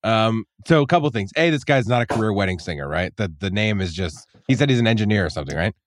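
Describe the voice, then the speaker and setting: Lively low-voiced man, podcast producer. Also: quick pace, no echo, studio quality. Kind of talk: casual chat.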